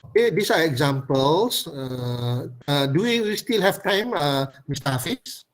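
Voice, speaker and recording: A man's voice: fairly high pitch, animated, a little slow, poor audio. A man from Kedah with a Malaysian accent giving a webinar lecture over a video call, rambling with many fillers and restarts. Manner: rambling, filler-heavy, with laughs and drawled demonstrations.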